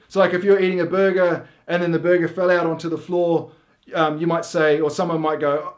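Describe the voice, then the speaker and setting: Middle-aged New Zealand man, comedic host; rambling deadpan explainer who keeps sidetracking himself, slightly raised pitch. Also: fairly quick. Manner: rambling, full of filler words and self-interruptions.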